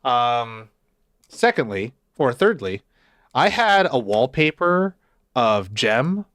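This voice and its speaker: A man co-hosting a casual movie chat, animated, acting out lines in quoted voices. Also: medium pitch, slow pace, no echo, studio quality. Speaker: podcast co-host.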